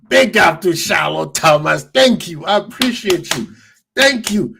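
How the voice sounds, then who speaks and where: Excitable man hosting a fan stream. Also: high-pitched, measured pace, gravelly, slightly rough. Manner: excitable, laughing, talking to chat. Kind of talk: casual live-stream football talk.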